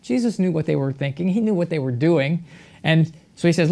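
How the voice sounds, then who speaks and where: A pastor preaching a sermon in a measured way, with rhetorical questions and repeated phrases. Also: medium pitch, animated, gravelly, warm tone.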